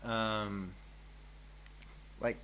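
A man's voice: lowish voice, level tone, very slow, fairly bright tone, a little hiss or hum. A man co-hosting a casual chat, playful and laughing often. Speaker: podcast co-host.

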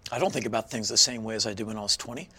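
A man in his fifties from Washington, D.C. is a guest in a casual interview, telling animated stories and acting out other people's lines. His voice is lowish, very fast, sharp in tone and slightly rough.

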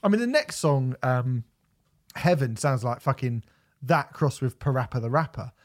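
A man tearing into an album in casual podcast chat, swearing freely. His pitch swings widely as he rants. The delivery is loose and animated. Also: moderate pace. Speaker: podcast co-host.

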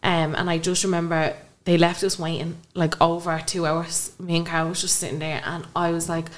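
Low-voiced young woman telling her story. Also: level tone, normal speed. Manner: earnest, acts out remembered dialogue. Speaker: guest. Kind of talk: personal storytelling in a podcast interview.

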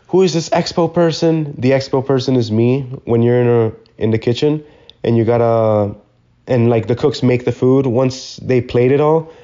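A man's voice: medium pitch, warm tone, lo-fi sound. Slangy young man rambling through a story. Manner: rambling, swears freely, loose slangy talk. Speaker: podcast host. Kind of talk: casual solo storytelling.

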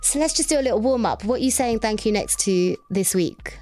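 A woman's voice: fairly high pitch, lively intonation, brisk, mellow. A young woman with a girlish, childlike voice, chatting and giggling as a podcast co-host. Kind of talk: casual chat.

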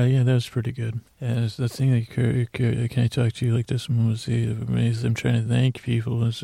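A man hosts a bedtime podcast in a monotone, meandering voice. His tone is dark and gravelly, with a dry, close sound, and he mumbles through playful asides. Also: mid-range voice, no room sound. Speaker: podcast host. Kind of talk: rambling bedtime podcast talk.

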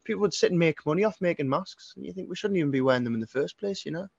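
In casual interview chat, a Geordie singer-songwriter in his twenties from North East England rambles and swears, restarting frequently. His slightly high voice is animated and racing, gravelly and darkish with a breathy edge. There's no room sound, and the highs are cut off.

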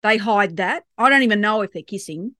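A woman co-hosting a relaxed conversation about a favourite series. She retells scenes in an animated, chatty way and laughs often. Her voice sits at a middle pitch and sounds dry and close. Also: brisk, dry recording. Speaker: podcast co-host. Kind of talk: casual chat about a TV series.

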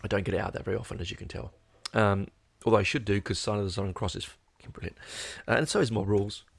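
Low, gravelly man; casual sweary music reviewer, faint music underneath. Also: fairly even intonation, fast, no room sound. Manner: rambling, sweary, enthusiastic with restarts. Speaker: album reviewer. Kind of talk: casual spoken album review.

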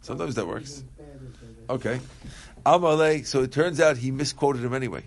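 A man's voice: medium pitch, normal speed, creaky. A man leading a Talmud class in a casual, conversational way. He reads Aramaic lines, translates them into English, asks questions aloud and answers students. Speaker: Talmud teacher.

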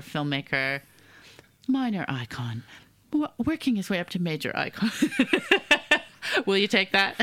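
A Canadian woman hosts a casual radio show, her voice low-pitched but bright and forward. She talks chattily, laughs easily, and leans on ums and uhs. The sound is a studio mic. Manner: chatty, laughing, filler-heavy. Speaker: radio host.

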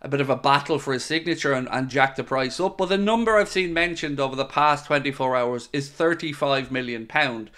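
A man's voice: medium pitch, fairly bright tone. A man hosting a casual livestream, talking in a chatty, conversational way with loose restarts. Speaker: podcast host.

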